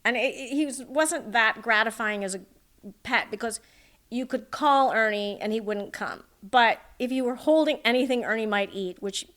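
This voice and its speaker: Woman author chatting in an interview, fairly high voice, lively and amused storytelling. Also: normal speed. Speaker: author guest.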